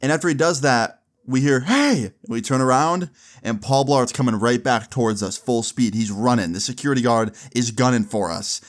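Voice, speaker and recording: A young man in his twenties telling a comic story in a casual, animated way, with frequent swearing. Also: medium pitch, a little fast.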